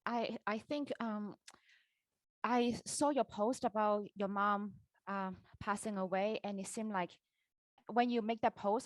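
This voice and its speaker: A woman podcast host speaks softly and hesitantly, with plenty of fillers and restarts. Her voice sits at an ordinary pitch, and the recording sounds dry. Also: no echo. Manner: soft, hesitant, with many fillers. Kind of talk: conversational interview.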